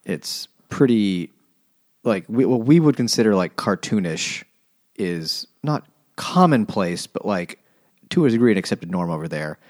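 Low voiced guy rambling about a book, lots of swearing, dry close sound. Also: expressive, unhurried, a little mellow, dry recording. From United States. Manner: loose, profane, rambling. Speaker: podcast co-host. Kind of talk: casual book-club chat.

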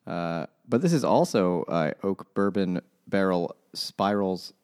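A man co-hosting a casual chat over beers, cracking dry, dark deadpan jokes. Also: low-pitched, takes it slowly, clear, resonant tone. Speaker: podcast co-host.

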